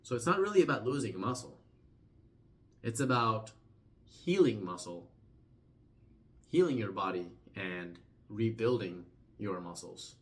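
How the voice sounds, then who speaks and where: Explaining something casually for his vlog, this young man speaks with a fairly low pitch. His talk is conversational, with endings that soften and trail away and words he goes back and restarts.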